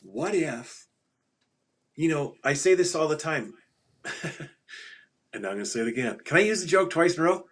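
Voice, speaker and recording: A middle-aged financial advisor appears as a guest on an interview show, telling stories animatedly with emphasis, repeating his punchlines, and laughing at his own jokes. His slightly high voice is expressive and fairly bright, at normal speed with frequent pauses.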